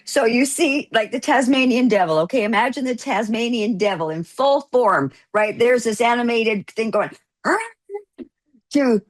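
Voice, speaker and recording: A woman guest telling a lively anecdote in an interview, laughing and acting out what people said. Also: a little high, moderate pace, few pauses. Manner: animated, laughing storyteller who acts out quotes. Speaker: guest actor. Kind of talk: casual interview storytelling.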